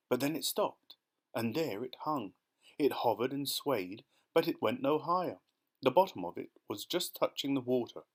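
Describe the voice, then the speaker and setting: A man's voice: medium pitch, expressive, normal speed. A man reading a children's audiobook as narrator, telling the story steadily and expressively. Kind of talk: scripted narration.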